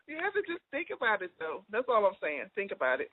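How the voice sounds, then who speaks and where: A woman with a deep voice co-hosting a casual talk show, emphatic and quick to laugh, often repeating herself. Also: huge pitch swings. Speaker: co-host. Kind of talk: casual chat. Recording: dry, phone-like line.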